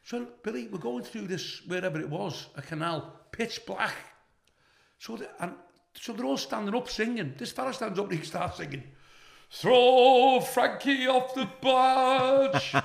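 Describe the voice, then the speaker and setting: A middle-aged comedian tells stories as a guest, swearing often and laughing at his own tales. His voice sits a little high for a man and has a gravelly crackle. The room around him is noticeably echoey. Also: expressive, moderate pace, fairly bright tone. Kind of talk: anecdotal storytelling. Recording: roomy echo.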